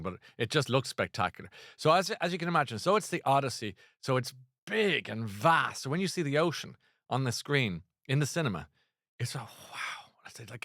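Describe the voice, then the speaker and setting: A man's voice: mid-range voice, a bit bright, no room sound, studio quality. A man hosting a casual chat show, rambling and self-deprecating with lots of restarts. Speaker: host.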